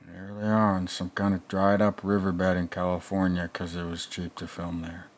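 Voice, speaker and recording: A man's voice: sits low, monotone, moderate pace. A man playing a crude, rambling older male movie reviewer who mutters sarcastic asides in a comedic reaction commentary.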